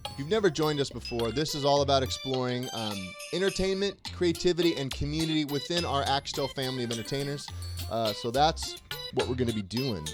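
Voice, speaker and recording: A man's voice: medium pitch, fairly quick, music in the background. A man co-hosting a casual livestream, upbeat and reading viewer comments aloud. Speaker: co-host.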